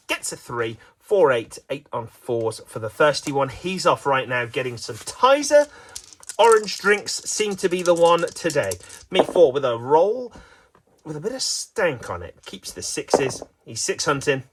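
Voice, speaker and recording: A man's voice: medium pitch, very animated, moderate pace, fairly bright tone, a little hiss or hum. A man giving playful, self-mocking mock sports commentary on a dice game.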